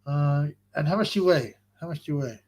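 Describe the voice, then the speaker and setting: A man's voice: on the high side, animated, fast talker, darkish tone. A young man hosting a live stream, reading out chat messages in a rambling, chatty way and laughing often. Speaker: livestream host reading chat.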